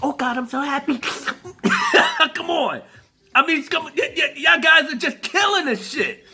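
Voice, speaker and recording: A man's voice: very high-pitched, wildly swooping pitch, unhurried, creaky, sharp tone. A man giving a profane, casual commentary rant, mocking and laughing often, with frequent stammered restarts. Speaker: commentary vlogger.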